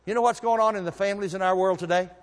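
A man preaching a sermon, telling folksy stories and swinging from soft asides to loud emphasis. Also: sits high, fairly even intonation, very fast, big-room sound. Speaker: pastor.

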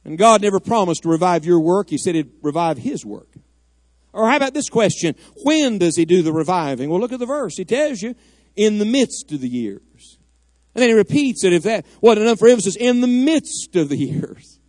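A man's voice: high-pitched, big pitch swings, brisk, darkish tone, no echo. A middle-aged man preaching a fervent, emphatic sermon in a church, rising at times to cries of prayer. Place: church sanctuary.

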